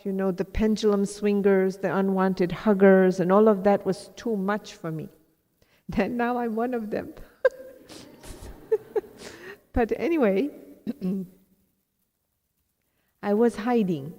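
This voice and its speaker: A woman's voice: mid-range voice, fairly even intonation, unhurried, warm tone. A woman from India telling a personal story to a live audience as a spiritual teacher, reflective and self-mocking, quoting her own thoughts in asides. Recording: long hall reverb.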